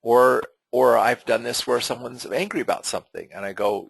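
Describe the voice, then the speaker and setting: A middle-aged man teaches an online webinar in an unscripted, conversational way, often restarting and repeating words. His voice is husky and gravelly, with a breathy edge. The sound is close and dry, with no room around it. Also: medium pitch, fairly even intonation, moderate pace, no echo, low-quality recording. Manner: conversational and earnest, with frequent fillers and repeated words.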